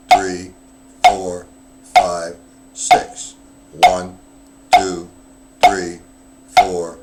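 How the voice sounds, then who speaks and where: A man's voice: lowish voice, a little hiss or hum. A man teaching drum rudiments on a live stream. He explains technique step by step, counts beats aloud, and answers viewers' chat comments.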